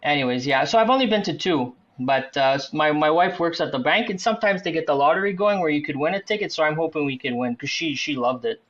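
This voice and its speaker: A man's voice: a little high, animated, fast talker, few pauses, fairly bright tone, highs cut off. Profane ranting hockey superfan man. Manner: profane, ranting fan banter. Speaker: superfan guest. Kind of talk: casual podcast chat.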